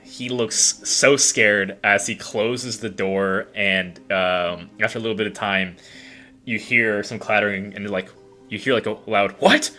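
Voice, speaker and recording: Bright-voiced young game master. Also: male voice, lowish voice, steady tone, a little slow, soft background music. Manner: casual, lots of fillers. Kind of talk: narrating a tabletop game.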